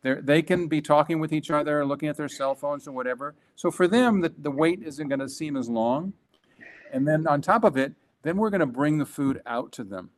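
Animated man telling a business story. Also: on the high side. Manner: animated, emphatic storyteller with quick restarts. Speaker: guest, former franchise executive. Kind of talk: conversational storytelling.

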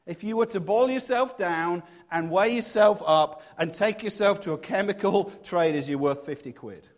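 A middle-aged man preaching a sermon, earnest and halting, with many restarts, dropping to a hush for personal stories. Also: high voice.

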